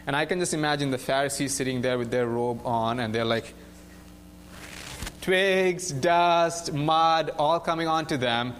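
Animated young preacher retelling a story. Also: male voice, a little high, measured pace. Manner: animated storytelling with frequent "like" and "right?". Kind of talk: casual sermon retelling a Bible story.

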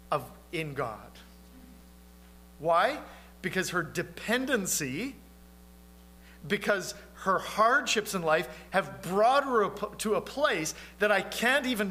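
Bright, high-voiced preaching man. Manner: earnest, conversational preaching with rhetorical questions. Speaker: pastor. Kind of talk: sermon.

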